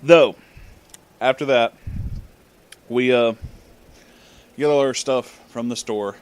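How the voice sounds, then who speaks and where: A man's voice: mid-range voice, slow, clear, resonant tone. Young man telling a profane story. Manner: profane, laughs often. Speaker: vlogger. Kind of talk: casual storytelling.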